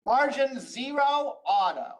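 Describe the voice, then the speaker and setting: Instructor, male, high-pitched, talks through screen-share code with fillers and restarts. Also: lively intonation, slow, poor audio. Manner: explains step by step, frequent "uh" and restarts. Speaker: college instructor. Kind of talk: recorded screen-share lecture.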